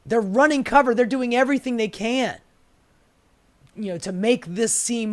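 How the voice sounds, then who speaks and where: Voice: medium pitch, normal speed. A political commentator ranting sarcastically and profanely, with exasperated rhetorical questions.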